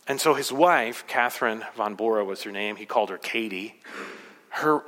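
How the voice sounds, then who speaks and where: A male pastor preaching a sermon in a church sanctuary, swinging dramatically from loud exclamations to hushed asides. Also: medium pitch. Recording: long hall reverb.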